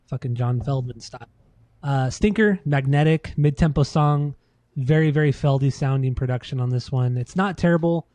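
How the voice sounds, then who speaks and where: A man's voice: medium pitch, warm tone, dry recording. A man co-hosting a podcast, chatting casually and profanely about albums in a loose, rambling way. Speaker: podcast co-host. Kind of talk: casual music review chat.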